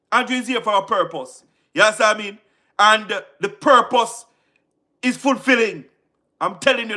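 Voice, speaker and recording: High, bright-voiced Jamaican man ranting. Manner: emphatic and repetitive, frequent rhetorical questions, laughs between points. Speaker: political commentator on a livestream. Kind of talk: passionate livestream commentary.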